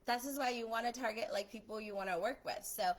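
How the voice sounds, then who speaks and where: Chatty, excited woman giving tips. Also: a little high, quick pace, rough recording. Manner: excited, chatty, filler-heavy. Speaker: photographer hosting a live stream. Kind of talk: casual live-stream tips talk.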